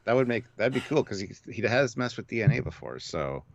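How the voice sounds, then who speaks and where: A man's voice: lowish voice, a little fast, gravelly, lo-fi sound. A man co-hosting a live discussion stream, chatting casually and reading out viewer comments. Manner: relaxed, reads out viewer comments and donations. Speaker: co-host of a live discussion show.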